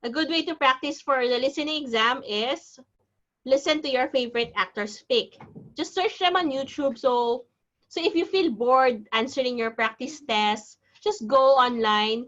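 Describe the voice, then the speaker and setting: A woman's voice: high voice, normal speed, a bit bright. A woman teaching an online exam-prep class, explaining step by step in a chatty, reassuring way. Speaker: IELTS teacher. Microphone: video call. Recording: dull video-call audio.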